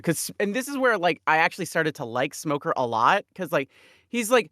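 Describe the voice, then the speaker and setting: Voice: medium pitch, very animated, moderate pace, sharp tone, dry recording, studio quality. A co-host on a casual show, rambling through events with acted-out quotes. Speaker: podcast co-host. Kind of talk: casual chat.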